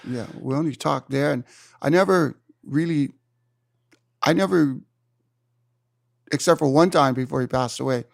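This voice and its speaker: A man in his seventies from Hawaii, an interview guest telling surf stories in an animated way and acting out his own exclamations. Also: mid-range voice, normal speed, creaky, pauses often, no room sound, clean studio sound. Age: 70s. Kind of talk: storytelling in a conversation. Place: room.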